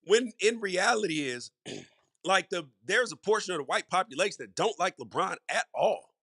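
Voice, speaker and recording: A man's voice: sits high, lively intonation, normal speed, bright, forceful tone, breathy edge, dry recording, studio quality. A middle-aged man hosting a sports podcast, giving solo commentary in a conversational, emphatic way and repeating words for stress. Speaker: podcast host.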